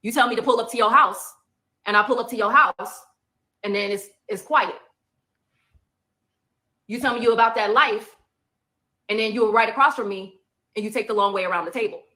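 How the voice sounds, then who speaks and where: A woman's voice: fairly high pitch, normal speed, pauses often, bright, forceful tone. A woman in a heated monologue, emphatic and repeating her points for effect.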